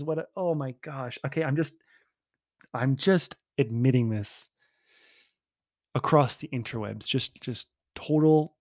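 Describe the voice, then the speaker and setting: A man's voice: mid-range voice, measured pace, a little mellow, no room sound, studio quality. Rambling, candid man telling a story. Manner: rambling, self-interrupting, stammers on restarts; candid and self-mocking. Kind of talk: casual storytelling monologue.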